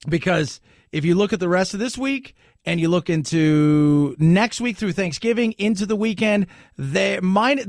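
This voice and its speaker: A man's voice: high-pitched, no room sound, clean studio sound. A man hosting a talk radio show, giving opinionated commentary and hammering points home by repeating them. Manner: emphatic, repeats points for effect. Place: radio studio. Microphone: studio microphone.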